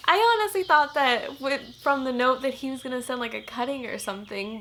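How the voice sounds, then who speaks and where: A woman's voice: high-pitched, a little fast, hardly any pauses, fairly bright tone, slight background noise. A young woman from Texas, chatting through a plant unboxing for her channel, teary and gushing, full of "like.". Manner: chatty, gushing, filler-heavy. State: teary and emotional. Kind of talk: casual unboxing vlog.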